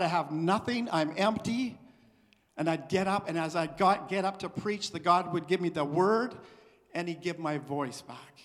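Male missionary preacher, sermon testimony, high voice, church hall echo. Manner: swings from hushed to loud excited. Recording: long hall reverb.

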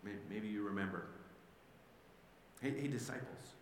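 A male pastor preaching a sermon, telling the story with animated restarts and acting out the figures. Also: on the low side, a little slow. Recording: very echoey hall, faint background noise.

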